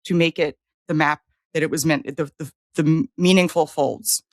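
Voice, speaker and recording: Low-voiced woman podcaster, dry sound. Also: fairly even intonation, moderate pace, no room sound. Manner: emphatic, self-mocking, laughs at herself. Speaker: podcast co-host. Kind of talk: casual chat.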